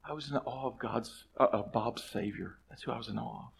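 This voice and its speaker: A middle-aged male pastor telling a story in a church sermon, shifting between hushed asides and loud, emphatic lines. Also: mid-range voice, brisk, gravelly, a little hiss or hum. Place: church sanctuary.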